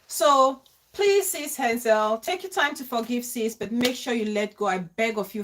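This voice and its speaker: A woman hosting a live stream, warmly greeting viewers by name and talking into her phone. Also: a little high. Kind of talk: live stream chat reading comments.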